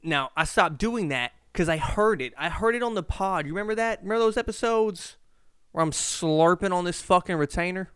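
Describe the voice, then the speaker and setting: A young man with a slight lisp hosts his own podcast in a loose, rambling way. He keeps asking himself questions and swearing casually. His voice sits a little high and sounds very smooth and crisp, recorded dry and close. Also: fairly quick, fairly bright tone, no echo. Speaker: podcast host.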